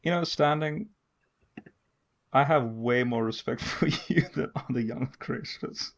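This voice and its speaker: A man's voice: mid-range voice, a little slow, creaky, lo-fi sound. A man in a heated debate who sounds exasperated and incredulous at the other speaker's reasoning.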